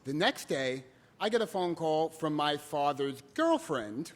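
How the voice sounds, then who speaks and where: A man telling a comic personal story live on stage, animated. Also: fairly high pitch, measured pace.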